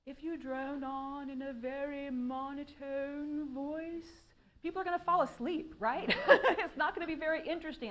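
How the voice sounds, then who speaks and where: A high-pitched woman speaks at a writing workshop, talking to a room of listeners. She is animated and laughs often, acting out the questions she describes. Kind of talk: conference talk. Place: room with an audience.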